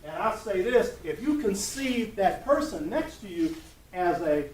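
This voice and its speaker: High-voiced older man lecturing in echoey room. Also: sing-song, a little slow, slight background noise. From United States. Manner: preacherly, asks the room for affirmation. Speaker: lecturer speaking to college students. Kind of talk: classroom lecture with call and response. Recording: echoey room heard from a distance.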